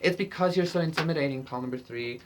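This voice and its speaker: Low-voiced woman rambling through a tarot reading. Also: fast, slight background noise. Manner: rambling, profane, lots of fillers, laughs often. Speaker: tarot reader. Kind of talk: casual pick-a-card tarot reading.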